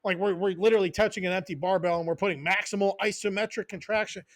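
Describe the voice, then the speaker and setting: A man with a fairly high voice rants on a casual podcast as a strength coach. He swears freely, hammers short repeated phrases and drifts into tangents. The sound is dry and close, with no room around it. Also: steady tone, fast talker, a bit bright, dry recording. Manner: profane, fired-up, goes on tangents.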